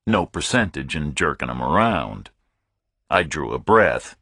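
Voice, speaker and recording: Deep-voiced, husky male audiobook narrator. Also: lively intonation, measured pace, sharp tone, no echo, clean studio sound. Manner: laconic and matter-of-fact. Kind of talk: scripted first-person thriller narration.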